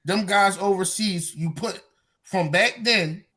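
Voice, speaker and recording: A man's voice: sits high, slow pace, bright, forceful tone. A man arguing defensively on a sports talk panel, refusing to back down from his point. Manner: argumentative, defensive, keeps pushing his point. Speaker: podcast panelist. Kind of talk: heated sports debate.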